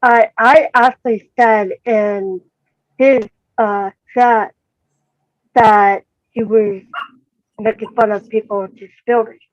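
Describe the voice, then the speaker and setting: Woman talking real slow and unsure, lots of ums, muffled lo-fi audio. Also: fairly high pitch, fairly even intonation, dry recording. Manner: hesitant, halting with fillers. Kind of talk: casual livestream chat. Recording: dull lo-fi audio.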